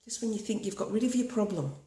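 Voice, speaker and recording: A woman's voice: mid-range voice, fast talker, warm tone. A woman from Australia leading a guided tapping session, talking earnestly and repeating affirmations. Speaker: tapping practitioner. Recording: echoey room.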